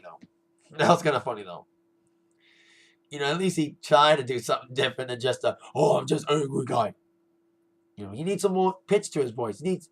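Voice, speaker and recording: A man's voice: fairly high pitch, poor audio. Chatty young man reviewing wrestling. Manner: chatty, rambling, repeats himself, laughs now and then. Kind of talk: casual spoken review.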